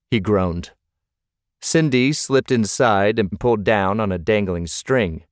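A man narrating a novel as an audiobook, in a measured storytelling manner. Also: lowish voice, no echo, clean studio sound.

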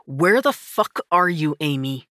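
A woman's voice: sits low, moderate pace, a bit bright, no echo, studio quality. A woman voicing an angry, domineering brother who snarls curt lines and swears.

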